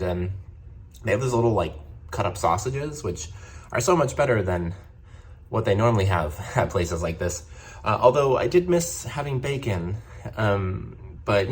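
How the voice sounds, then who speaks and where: A man, a travel vlogger, chatting casually to his viewers at a hotel, rambling with lots of fillers and restarts. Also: on the low side. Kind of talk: casual chat to camera.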